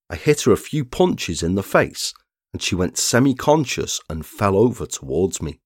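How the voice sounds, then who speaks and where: Low-voiced man narrating true crime. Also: darkish tone, no room sound, clean studio sound. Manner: measured, reads statements aloud plainly.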